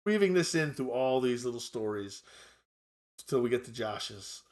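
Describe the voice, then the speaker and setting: A man at a mid pitch narrating a gothic tabletop game as game master. He describes scenes in a measured, descriptive way and calls for dice rolls. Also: lively intonation.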